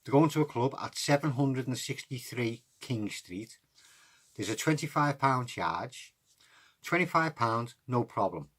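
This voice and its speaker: Man, husky, mid-pitched; relaxed card trick tutor talking through each step. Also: a little slow. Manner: relaxed, chatty instructions.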